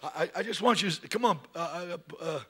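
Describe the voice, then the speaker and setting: A man preaching a sermon, swinging from loud shouts to hushed whispers and repeating himself in quick restarts. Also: sits high, heavy background noise. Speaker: pastor. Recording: live from a church.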